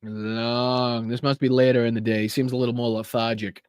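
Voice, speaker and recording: A man's voice: medium pitch, little pitch movement, quick pace, darkish tone, dry recording, clean studio sound. Swearing, emphatic male live-streamer. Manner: heavy swearing, emphatic, repeats 'right?'. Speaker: political live-stream commentator.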